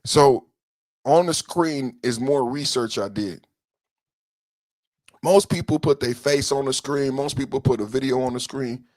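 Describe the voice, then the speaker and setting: A man's voice: a little slow, long pauses, no echo. Brief: male podcast host, passionate political monologue, repetitive and emphatic, recorded dry and close. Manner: impassioned, repetitive, shifts between low brooding and loud outbursts.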